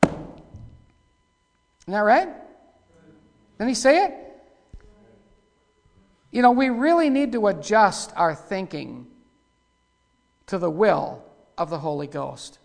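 A preacher man with a gravelly, fry-edged voice delivers a rough, folksy sermon full of sudden loud bursts. His words ring out with a long hall reverb behind them. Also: sits high, expressive, takes it slowly, pauses often.

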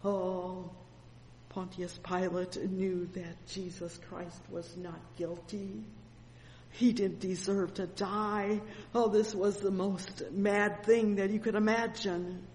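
A woman delivers a sermon slowly and deliberately, punctuating her retelling with fervent exclamations. Her voice rings out with a long hall reverb, and a faint ambient hum sits behind it. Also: mid-range voice, flat delivery, darkish tone. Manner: fervent, frequent exclamations of "oh" and "amen". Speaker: preacher.

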